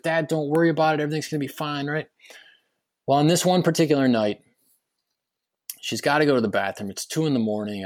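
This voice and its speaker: A middle-aged man, a guest on a podcast, tells a personal story with earnest emotion. He often repeats words and phrases as he speaks. His voice sits at a medium pitch.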